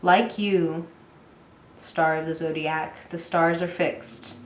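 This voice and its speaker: A woman's voice: on the low side, slight background noise. Chatty woman doing a tarot reading. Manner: chatty, laughing, filler-heavy, speaks to viewer directly. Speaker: tarot reader. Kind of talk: casual tarot reading to camera. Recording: echoey room.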